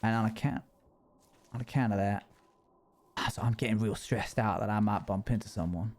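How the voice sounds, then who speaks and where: A man's voice: fairly low pitch, fairly even intonation, normal speed, a little mellow. Folksy man talking to himself in character. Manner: folksy drawl with rustic phrasing, chuckles often, talks to himself. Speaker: streamer playing a character in a survival game. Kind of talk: in-character role-play narration.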